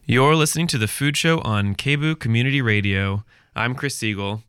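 A man hosting a community radio food show, introducing segments and interviewing a guest in the studio with a measured announcer delivery. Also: medium pitch, a bit bright, clear, resonant tone, soft background music. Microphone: studio microphone.

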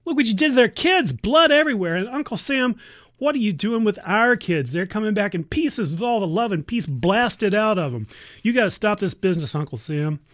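A woman playing an exasperated family member who scolds her warmongering uncle in a sarcastic, nagging, teasing radio sketch. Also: mid-range voice, expressive, fairly quick, lightly acted. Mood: scolding. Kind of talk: satirical radio monologue.

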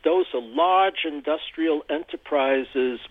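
A man's voice: a little high, steady tone, no echo. Man talking on a tinny phone line. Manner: halting, repeats words while thinking. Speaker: interview guest, energy commentator. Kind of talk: phone-in radio interview.

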